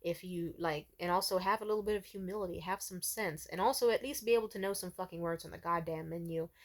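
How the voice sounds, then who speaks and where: A woman's voice: on the low side, fast talker. Exasperated young woman ranting a story. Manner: exasperated, profane, animated storytelling. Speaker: vlogger telling a story. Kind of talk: casual storytime rant.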